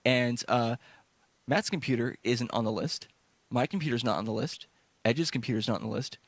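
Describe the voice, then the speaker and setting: A man co-hosting a casual gaming podcast, halting and repeating words as he explains, swearing now and then. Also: medium pitch, no room sound. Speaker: podcast co-host.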